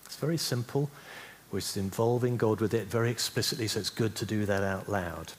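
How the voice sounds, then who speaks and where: Guy teaching a church class on healing prayer, kinda low voice, chatty, lots of "yeah?", faint hum behind. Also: brisk. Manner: conversational, checks in with "yeah?". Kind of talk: teaching talk to a church group.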